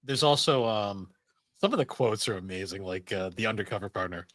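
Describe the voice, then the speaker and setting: Podcast guy, bright tense tone, dry mic, relaxed chat recalling scenes. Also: on the low side, brisk, no echo. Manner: relaxed, recounts scenes with quoted lines. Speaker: podcast co-host. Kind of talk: casual chat.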